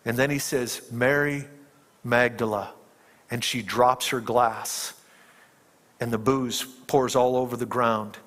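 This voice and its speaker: A man's voice: mid-range voice, fairly even intonation, slow pace. Man preaching in a reverberant hall. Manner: dramatic storytelling, dropping to hushed tones and rising to emphatic peaks. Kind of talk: sermon retelling a film scene.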